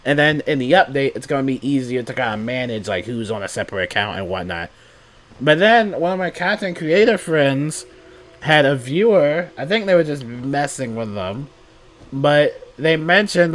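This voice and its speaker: A man's voice: mid-range voice, animated, moderate pace. A stuffed-up man with a cold, ranting to his viewers in an exasperated, casual way and repeating himself as a gaming video maker. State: congested from a cold. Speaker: gaming YouTuber. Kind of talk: casual rant to camera.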